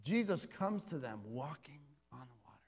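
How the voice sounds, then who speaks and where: A man with a high-pitched voice preaches a sermon, talking conversationally with stammered restarts and touches of self-deprecating humor. His voice carries a long reverb, as if he were in a church sanctuary. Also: sing-song, moderate pace, slightly rough. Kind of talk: sermon with scripture reading.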